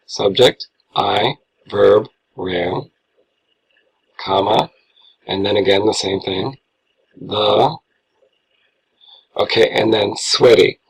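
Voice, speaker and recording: A man's voice: lowish voice, very slow, vocal fry, pauses often, husky, poor audio. A man teaching a grammar lesson, patiently walking through worksheet answers step by step as he marks corrections. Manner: patient, explains step by step, talks through his writing. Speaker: English teacher.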